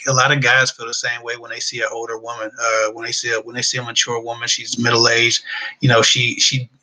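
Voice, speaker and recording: A man's voice: mid-range voice, bright, forceful tone, low-quality recording. A middle-aged man hosting a live relationship Q&A, chatting casually and reading out viewer comments, with loose colloquial phrasing. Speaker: relationship advice host.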